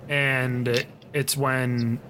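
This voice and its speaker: A man's voice: mid-range voice, flat delivery, very slow, noisy background. A man co-hosting a podcast, chatting in a laid-back way and telling stories. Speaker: podcast co-host. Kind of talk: casual chat.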